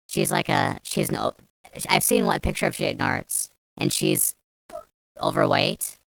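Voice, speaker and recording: A woman with a low, smooth voice tells a storytime rant, swearing heavily and restarting her sentences as her anger builds. The sound is dry and close, with no room around it. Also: unhurried, no room sound. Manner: angry, profane, rambling with restarts. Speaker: vlogger.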